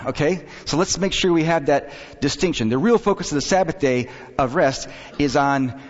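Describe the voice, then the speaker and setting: A male pastor delivers a conversational sermon, his pitch rising and falling animatedly as he tells stories and jokes. His voice carries a long reverb from the church hall. The recording sounds a little dull and muffled. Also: brisk. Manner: lively, joking, storytelling with acted quotes. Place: church sanctuary.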